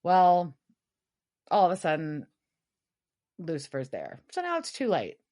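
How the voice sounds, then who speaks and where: A woman co-hosting a podcast in casual chat, recapping and quickly acting out characters' lines. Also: fairly low pitch. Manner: acts out characters' lines in quick, animated quotes. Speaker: podcast co-host.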